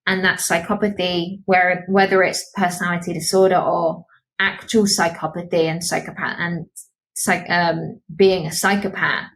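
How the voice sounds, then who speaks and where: A woman's voice: fairly low pitch, flat delivery, moderate pace, a bit bright, a little hiss or hum, rough recording. A woman psychologist co-hosting a podcast, explaining research in an academic way. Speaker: psychologist co-host. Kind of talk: podcast discussion.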